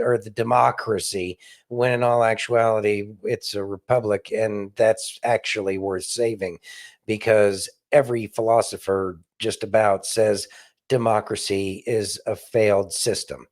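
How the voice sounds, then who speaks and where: A man's voice: fairly low pitch, a little mellow. A man hosting a podcast, delivering rambling, opinionated political commentary with sarcastic asides. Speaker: podcast host.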